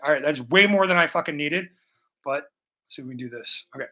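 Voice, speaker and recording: A man talks through a painting session on a livestream, picked up by a laptop mic. His voice sits a little high and rings bright and forceful. He rambles, jokes and swears, and now and then drifts into a few bars of song. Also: fast, rough recording. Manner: joking, profane, rambling, bursts into song. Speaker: live-streaming painter. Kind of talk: casual livestream chat while painting.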